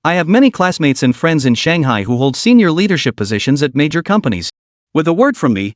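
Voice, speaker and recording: A man's voice: fairly high pitch, dry recording, studio quality. A man voicing a cold, stern young woman executive with a curt, commanding manner, read in a recap.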